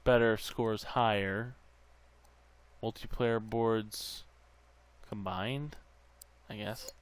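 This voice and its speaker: A man's voice: fairly low pitch, steady tone, extremely slow, a little hiss or hum. A man hosting a gameplay channel, muttering to himself as he tinkers, with bursts of goofy sing-song nonsense. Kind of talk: casual gameplay commentary.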